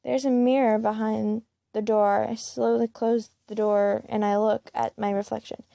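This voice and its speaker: A woman reads a first-person fan story aloud in a plain, unpolished way, with the odd slip and restart. Her voice is gravelly, mellow in tone and a little high. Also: level tone, moderate pace, no room sound. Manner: plain reading with small slips and restarts. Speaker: fan-fiction reader.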